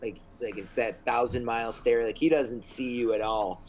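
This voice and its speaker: A man's voice: mid-range voice, fairly even intonation, moderate pace, low-quality recording. Rambling male game master. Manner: rambling, many ums and likes. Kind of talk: narrating a tabletop game.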